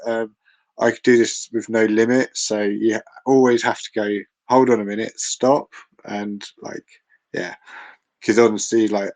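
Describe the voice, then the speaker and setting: An English man with a blended southern and northern accent talks in a loose, rambling way. He keeps circling back with fillers and false starts. His voice sits slightly low. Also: rough recording. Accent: mixed English, southern with a northern twang. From England. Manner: rambling, many fillers and restarts. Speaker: guest. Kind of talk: casual chat on a live audio space.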